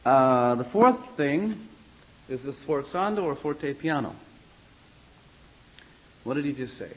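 A man's voice: mid-range voice, expressive, takes it slowly, lo-fi sound. A man teaching a choir class on vocal expression, talking in a loose, conversational way and spelling out musical terms. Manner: conversational, rambling, fillers and restarts, spells out terms. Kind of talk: classroom lecture on singing.

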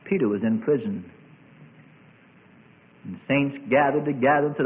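A man preaching a sermon, stretching quoted words and rising to shouts as he tells the story. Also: mid-range voice, moderate pace, pauses often. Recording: tinny phone-like recording.

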